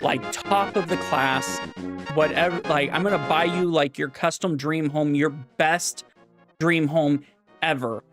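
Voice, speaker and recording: A rambling, indulgent father played by a man in near his own voice. He talks in loose, reassuring runs, a touch higher than the usual male voice. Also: measured pace, a bit bright, soft background music. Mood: promising. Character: indulgent middle-aged father, doting but exasperated.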